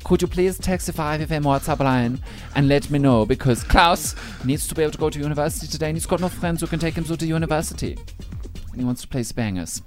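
A man's voice: fairly high pitch, quick pace, soft background music. A man hosting a breakfast radio show, joking and rambling with restarts. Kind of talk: playful radio banter. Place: radio studio.

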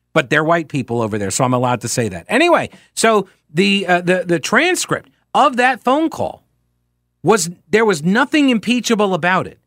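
Animated, high-voiced talk radio host. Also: male voice, dry recording, studio quality. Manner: animated, sarcastic, frequent asides and mocking quotes.

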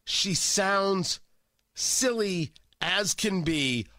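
Animated, sarcastic male radio host. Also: sits high, extremely slow, no echo, clean studio sound. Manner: animated, sarcastic, frequent repetitions and restarts. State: stuffy from a cold. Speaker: radio talk show host. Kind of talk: opinionated political talk radio.

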